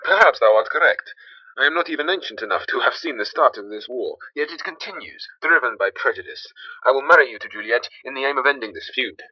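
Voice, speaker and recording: A cautious, wise old friar, as a man voices him who speaks in a measured, advising manner. The voice comes from a homemade stop-motion animation. The sound is dull and lo-fi, with a dry, close feel. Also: mid-range voice, animated, slightly rough, dry recording, recorded from a distance. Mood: resolved. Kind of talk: amateur animation voice acting.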